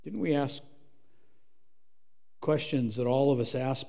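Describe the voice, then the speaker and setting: Earnest preacher in a reverberant hall. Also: male voice, mid-range voice, steady tone, measured pace, gravelly, pauses often. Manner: earnest, repeats words, shifts from loud to hushed. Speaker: pastor. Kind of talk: sermon. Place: church sanctuary.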